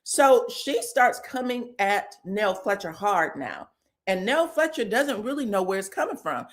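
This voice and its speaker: A woman hosting a casual reality TV recap, animated and profane, acting out quotes with loud outbursts and laughter. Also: mid-range voice, measured pace.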